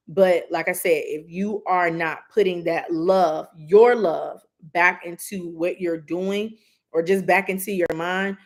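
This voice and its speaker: A woman doing a live intuitive reading, giving earnest, direct advice with many asides. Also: on the low side. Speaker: psychic reader.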